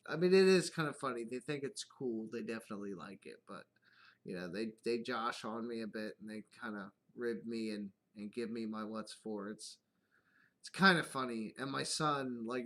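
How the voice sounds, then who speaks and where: A man's voice: mid-range voice, normal speed, a bit bright. A man hosting his own live stream, rambling through casual stories about his kids with plenty of swearing and laughter. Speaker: YouTube channel host.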